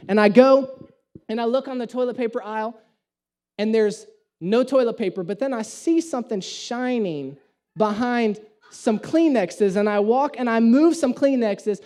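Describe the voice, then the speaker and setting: A man's voice: extremely high pitch, normal speed, warm tone. A man, a pastor preaching a sermon and telling a story with humor and animation. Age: 30s.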